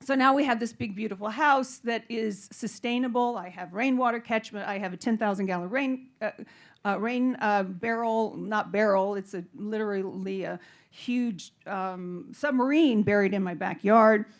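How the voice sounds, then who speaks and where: A woman's voice: medium pitch, moderate pace. A woman speaking on a panel, telling a personal story in a rambling, nervous way with many false starts. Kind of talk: casual personal talk on stage.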